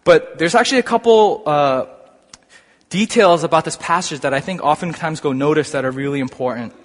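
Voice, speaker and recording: A man delivers a sermon, working through scripture with animated, rising emphasis. His voice sits fairly high, and a long reverb trails behind it in a hall. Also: fairly quick. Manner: animated, builds to excited emphasis. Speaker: preacher.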